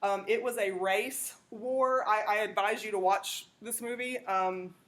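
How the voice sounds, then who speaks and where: A woman's voice: mid-range voice, fairly even intonation, a little slow, a bit bright. A woman lecturing a classroom, talking conversationally and checking in with "okay?". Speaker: teacher.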